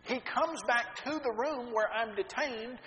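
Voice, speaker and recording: A man telling a story from the pulpit in an animated, self-mocking way. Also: very high-pitched, unhurried, slight background noise. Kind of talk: sermon storytelling. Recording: dull echoey hall recording, faint ambience.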